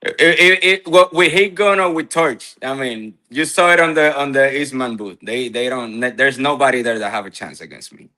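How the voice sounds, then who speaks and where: A man's voice: mid-range voice, normal speed, sharp tone. A man who competes in the contest, a guest in a casual interview, who talks playfully and confidently and laughs a lot.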